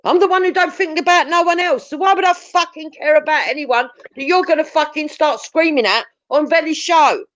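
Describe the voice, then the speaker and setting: Woman mouthing off, swears constantly, fairly high voice, dry muffled lo-fi audio. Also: a little fast, hardly any pauses, a bit bright, dry recording. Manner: blunt, sweary, confrontational. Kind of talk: heated profane rant. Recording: dull lo-fi audio.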